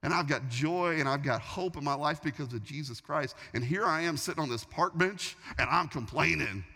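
A man preaching a sermon, telling a story in an animated way, often restarting his sentences. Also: a little high, moderate pace, creaky. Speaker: pastor. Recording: long reverb of a large hall.

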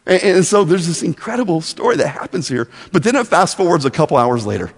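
A man teaching a Bible lesson as a story, animated and often repeating words as he starts. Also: a little high, fast talker, breathy edge. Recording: long echoey hall reverb.

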